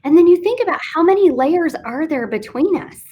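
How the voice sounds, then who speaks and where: A woman from Fort Worth, Texas, an author and business coach, speaks in an extremely high, lively voice, a little fast, during a casual interview on a live online video stream. She tells a candid, self-deprecating story, and the recording is muffled.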